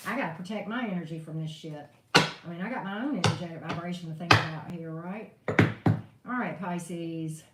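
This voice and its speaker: A woman's voice: on the low side, a little fast. A woman reading tarot on a live stream, venting in a blunt, profane way. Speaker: tarot reader. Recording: echoey room, distant mic, faint noise.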